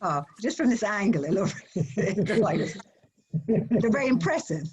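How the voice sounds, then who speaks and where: A woman's voice: mid-range voice, expressive, normal speed, darkish tone. Friendly woman greeting people on a call. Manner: friendly, greeting others, laughing lightly. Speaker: class participant. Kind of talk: casual chat. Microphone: video call.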